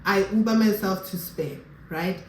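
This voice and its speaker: A young woman with a South African accent tells stories to her viewers in a relaxed, chatty way, dropping Sesotho phrases into her English. Her voice sits at a middle pitch for a woman. The recording is roomy, with a faint layer of noise underneath. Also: normal speed. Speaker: vlogger. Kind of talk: casual storytelling to viewers.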